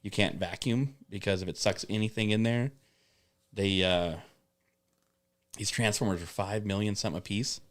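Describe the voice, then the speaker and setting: A man's voice: lowish voice, normal speed, long pauses. A man telling rambling work stories in casual chat, swearing often and acting out coworkers. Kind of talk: casual storytelling with profanity.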